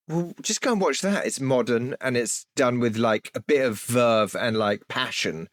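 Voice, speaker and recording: A man's voice: medium pitch, dry recording. A man joins a film podcast as a guest, joking dryly at his own expense and hedging often. His voice sits mid-range, recorded close in a dead, dry space. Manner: wry, self-mocking, hesitant. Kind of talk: casual chat.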